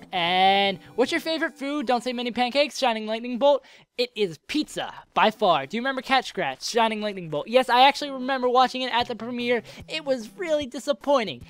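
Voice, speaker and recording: The voice is very high and smooth: a young man, sore-throated and getting a cold, responding to viewers as he games. His answers are loose and jokey, full of rambling and self-interruptions.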